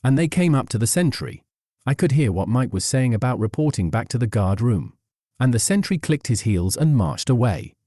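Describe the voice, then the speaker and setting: Older man, interview recollection, reflective, dark voice, dry sound. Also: medium pitch, animated, normal speed, no echo. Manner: plain, reflective recounting. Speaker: interviewed former prisoner.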